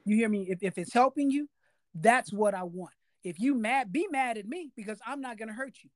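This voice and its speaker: A man's voice: sits high, brisk, no room sound. A man hosting a podcast interview, talking emphatically in a casual way and repeating key phrases for weight. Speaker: podcast host.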